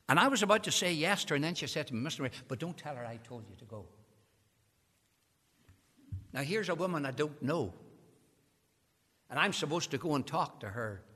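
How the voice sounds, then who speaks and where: A man preaching an evangelistic sermon, telling a story with rising passion. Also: medium pitch. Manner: impassioned, building to shouted climaxes. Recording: long hall reverb.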